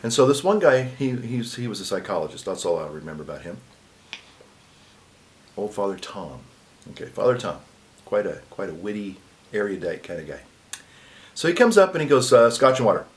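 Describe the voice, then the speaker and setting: A man, a Catholic priest, telling a personal story in a casual vlog, swinging between loud emphasis and hushed asides. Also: low-pitched, sing-song, fast talker.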